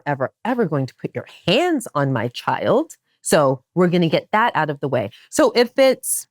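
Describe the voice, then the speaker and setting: Animated woman host with a low voice. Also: dry recording, clean studio sound. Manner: animated and emphatic, with wide swings in pitch. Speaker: podcast host. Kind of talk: casual podcast chat.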